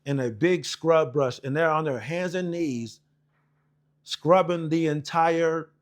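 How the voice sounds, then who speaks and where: Forties male veteran, slightly high voice, casual swearing storyteller with many ums. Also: takes it slowly. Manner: rambling and profane, with many fillers and restarts. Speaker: Air Force veteran recounting his service.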